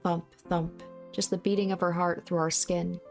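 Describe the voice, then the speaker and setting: A woman narrating a visual novel aloud in a soft, steady, measured voice. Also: on the low side, soft background music.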